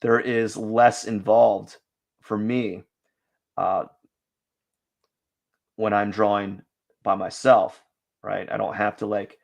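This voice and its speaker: A young man with a lowish, gravelly voice chats casually on a drawing livestream. He rambles and puts himself down, filling his talk with fillers and false starts.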